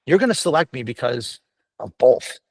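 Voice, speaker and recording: A man's voice: medium pitch, normal speed, vocal fry, breathy edge, dry recording, low-quality recording. A middle-aged man, a veteran firefighter, talking bluntly and with lots of swearing as a podcast guest. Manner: blunt, profane, animated storytelling. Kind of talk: candid podcast conversation.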